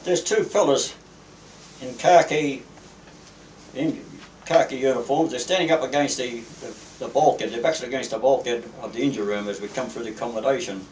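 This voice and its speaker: An older man with an Australian accent tells sea stories in a rambling, halting way, full of fillers and restarts. His middle-pitched voice sounds distant from the mic in a roomy space, with faint ambience underneath. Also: a little mellow, slight background noise. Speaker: retired merchant seaman. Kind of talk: reminiscing storytelling.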